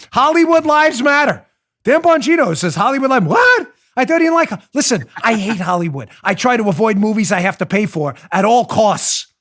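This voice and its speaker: A fairly high-pitched middle-aged man hosts a talk show with a sarcastic, mocking edge. He swings between brisk asides and loud, theatrical rants. His voice rides up and down as he needles his targets. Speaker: host. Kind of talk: opinionated political talk show.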